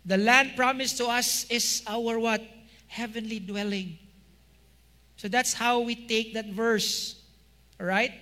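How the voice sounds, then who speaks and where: A male pastor preaching a sermon, asking rhetorical questions and swinging between loud emphasis and quiet, low endings. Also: fairly even intonation, slow pace, pauses often. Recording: long hall reverb.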